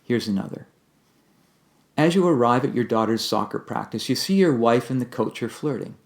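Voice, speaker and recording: A man giving a calm, measured instructional talk on communication, explaining ideas step by step. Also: mid-range voice, vocal fry. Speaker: communication teacher.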